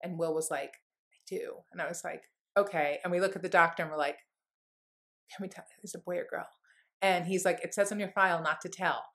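A fast talker with a fairly low, steady, slightly bright voice, she's being interviewed and relates a frank personal story. It rambles, full of "like" fillers, but stays earnest and heartfelt.

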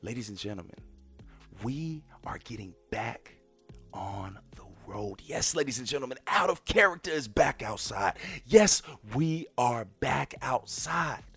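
Over soft background music, a podcast host in his thirties talks with a mid-range, breathy-edged voice, lively intonation and a measured pace. Casual yet emphatic, he repeats his phrases for effect and frequently calls out to "ladies and gentlemen."

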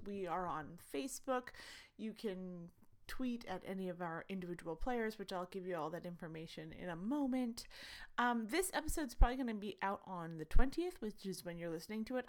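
A chatty woman hosting a tabletop game podcast, rambling casually through her announcements. Her voice sits at a middling pitch, with plenty of fillers and restarts. She sounds eager as she pleads with her listeners for support. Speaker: podcast host and game master.

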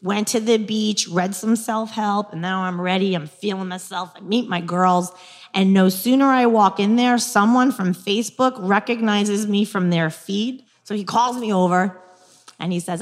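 A woman in her forties with a New York accent, telling a dating story and coaching on manifestation in a lively, frank, laughing way. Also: medium pitch, normal speed, long reverb tail. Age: 40s. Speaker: guest speaker on dating and manifestation. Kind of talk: casual storytelling, coaching talk.

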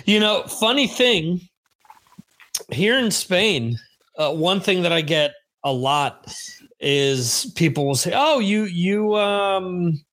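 A man's voice: on the high side, expressive, slow, pushed and bright. A man with an American accent hosting a casual podcast chat, telling stories with many asides. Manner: chatty storyteller with many asides. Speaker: podcast host.

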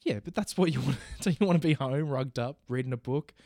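A man's voice: medium pitch, fairly quick, a little mellow, no room sound, clean studio sound. An Australian man arguing in a casual comedic podcast debate, rambling and giggling often. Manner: giggly, rambling, breaks into laughter.

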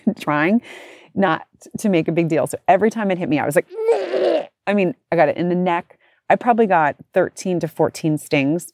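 A woman in her forties telling a personal story in casual, animated talk, acting out other people's voices. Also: low voice, dry recording, studio quality.

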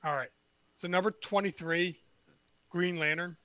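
A man's voice: high-pitched, fairly even intonation, measured pace, pushed and bright, dry recording. A man hosting a casual podcast chat, rambling through a movie list and swearing freely. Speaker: podcast host.

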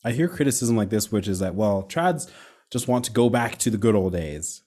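A young man hosting a casual conversation on faith, animated and quick, with frequent asides and self-corrections. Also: on the low side.

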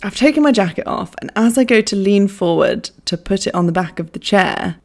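A woman's voice: mid-range voice, lively intonation, fairly quick, gravelly, darkish tone. A young woman telling a funny personal story in a chatty, self-mocking way, swearing freely. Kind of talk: casual anecdote.

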